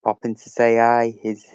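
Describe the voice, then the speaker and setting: Guy hosting a live stream, chatty, calls out viewers by name, pretty monotone, dull lo-fi sound. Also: mid-range voice, clean tone, no room sound. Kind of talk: casual live-stream chat.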